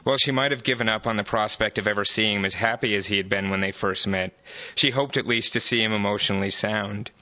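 A man reading his own novel aloud at a live bookstore event in steady narration. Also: fairly low pitch, no room sound. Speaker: author reading his book.

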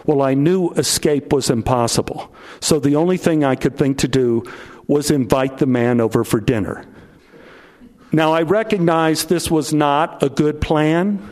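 A middle-aged man telling a first-person story to an audience, dropping low and slow at the tense moments. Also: a little mellow.

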